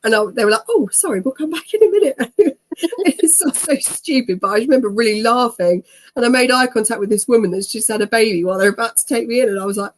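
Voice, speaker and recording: A woman's voice: on the high side, fast talker. A woman in her thirties, an interview guest telling her own story in a chatty way. She laughs often and acts out what people said. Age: 30s.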